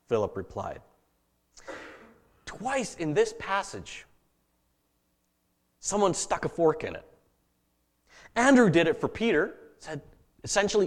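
Animated, higher-voiced male preacher. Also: moderate pace, long reverb tail. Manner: animated, conversational preaching that drops to soft, earnest tones. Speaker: pastor. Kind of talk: sermon.

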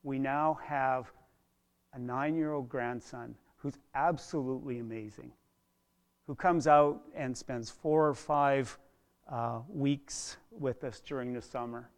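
A middle-aged man preaching a sermon as a pastor, earnest, dropping to a hush and then rising loud, often repeating words. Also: medium pitch, slow pace. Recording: long hall reverb.

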